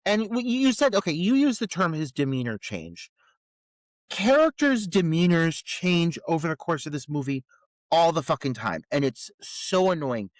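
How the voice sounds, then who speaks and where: A man's voice: fairly high pitch, big pitch swings, moderate pace, no echo. A man co-hosting a horror movie podcast, ranting in casual, profane, sarcastic chat. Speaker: podcast co-host.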